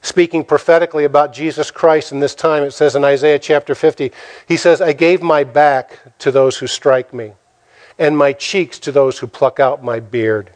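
A pastor preaching with a dramatic, storytelling delivery. He asks his listeners rhetorical questions and acts out the lines he quotes, in a man's voice that sits a little high. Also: fairly even intonation, moderate pace, a little mellow. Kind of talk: sermon.

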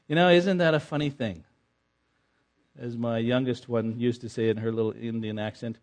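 Man, preacher, sermon, emphatic, soft-to-forceful swings, medium pitch. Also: fairly even intonation, moderate pace.

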